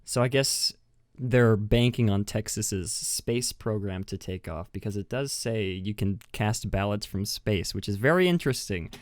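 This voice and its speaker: A man's voice: lowish voice, unhurried, no echo. Dry-voiced chatty male podcast host. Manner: chatty, self-mocking, giggly. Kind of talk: casual chat. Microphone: webcam with mic.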